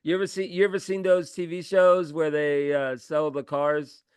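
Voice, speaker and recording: A man's voice: on the high side, little pitch movement, normal speed, clean tone, no room sound, studio quality. A man hosting a podcast in casual chat, rambling and filling his talk with "like". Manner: rambling, lots of "like" and laughs. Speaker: podcast host.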